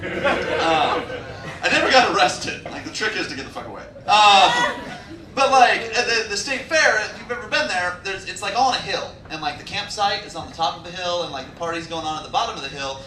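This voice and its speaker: A young man with a high voice tells a crude, rambling stand-up story, padded with fillers. He sounds distant, caught in an echoey club with noise around him. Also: animated, a little fast. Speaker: stand-up comedian. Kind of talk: stand-up comedy set. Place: comedy club stage. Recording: echoey room recorded from afar, noisy.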